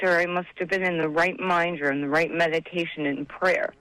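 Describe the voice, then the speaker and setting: Her fairly low, steady voice is fairly quick, a bit bright and has few pauses. Phoning in to a religious radio show, this caller delivers a tearful, heartfelt, rambling testimony about grief and faith, in a rough recording with no echo.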